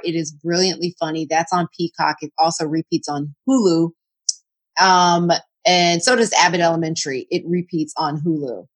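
A woman co-hosting a casual chat, talking in a relaxed, chatty way with enthusiastic recommendations. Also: on the low side. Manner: teasing, then enthusiastic recommending.

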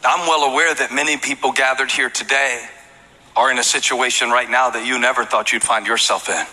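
A man's voice: medium pitch, steady tone, brisk, pushed and bright, long reverb tail, low-quality recording. A male pastor preaching a sermon in a conversational way, with humorous asides and emphatic repetition.

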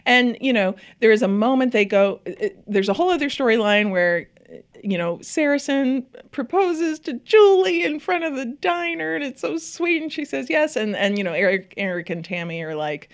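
A woman's voice: on the high side, expressive, moderate pace. A woman co-hosting a casual TV chat, talking effusively with lots of fillers and laughter. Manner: chatty and effusive, many fillers, laughs often. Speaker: podcast co-host.

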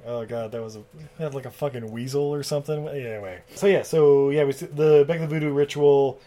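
A man with a mid-pitched voice talks loosely through a film's plot, swearing freely. He trails off in fillers, restarts his sentences and breaks into laughter. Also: fairly even intonation, brisk, dark tone. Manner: rambling, profane, laughs often. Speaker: podcast co-host. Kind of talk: casual chat recapping a film.

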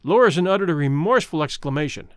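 A man narrating a classic short story as an audiobook in a measured storytelling way. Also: fairly high pitch, animated, clear, resonant tone, no room sound, clean studio sound.

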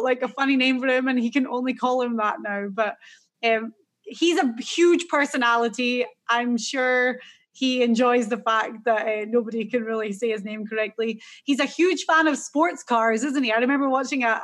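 A woman's voice: on the high side, a bit bright. A woman with a Scottish accent, co-hosting a casual golf betting chat in an easygoing, chatty way. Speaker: co-host.

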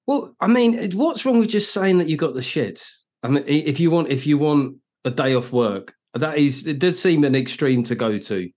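A man's voice: fairly high pitch, lively intonation, normal speed, few pauses, darkish tone. A man with a British English accent hosting a podcast, musing and posing questions to set up topics. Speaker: podcast host. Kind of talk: casual chat.

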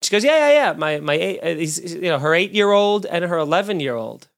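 A male comedian and podcast host telling a story in a casual monologue, animated and swearing, acting out the people he quotes. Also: fairly high pitch, brisk, vocal fry.

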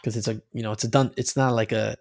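A man co-hosting a casual podcast, rambling about a video game with animated, swearing talk and many restarts. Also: lowish voice, quick pace, gravelly, dry recording. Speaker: podcast co-host.

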